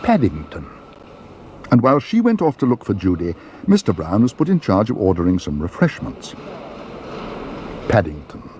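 A man narrating a children's story in a measured, gently expressive way. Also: on the low side, slight background noise.

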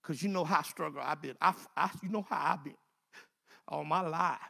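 A man's voice: on the high side, moderate pace, vocal fry, bright, forceful tone. A man preaching a conversational sermon, folksy and repeating phrases in driving bursts.

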